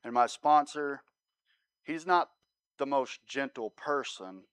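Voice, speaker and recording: Smooth-voiced man telling his testimony. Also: medium pitch, slow pace, a bit bright, no room sound. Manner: conversational storytelling, often asks "right?". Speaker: guest speaker sharing his testimony. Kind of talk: sermon testimony.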